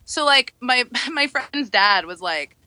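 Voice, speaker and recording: A woman chatting as a podcast guest, telling animated stories and acting out the people in them. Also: slow, no room sound. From United States. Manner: animated storyteller, acts out quotes in high voices. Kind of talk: casual chat.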